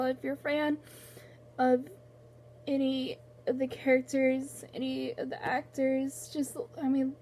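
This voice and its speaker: High-voiced young woman, rambling and tearful. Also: warm tone, a little hiss or hum. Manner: rambling, halting, full of fillers and restarts. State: tearful, on the verge of crying. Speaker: book vlogger. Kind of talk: casual vlog chat.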